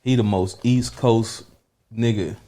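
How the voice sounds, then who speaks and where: A man's voice: fairly low pitch, fairly even intonation, takes it slowly, dark tone. A man in his thirties co-hosting a podcast, talking in loose, slangy, laughing banter. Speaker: podcast co-host. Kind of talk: casual chat.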